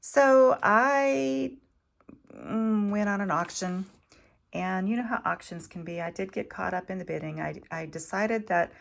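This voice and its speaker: A woman talking casually in a vlog, showing off vintage jewelry finds with enthusiasm and sometimes dropping to a soft near-whisper. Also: mid-range voice, gravelly. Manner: chatty, enthusiastic, drops to soft near-whispers over delicate pieces. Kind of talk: casual show-and-tell vlog.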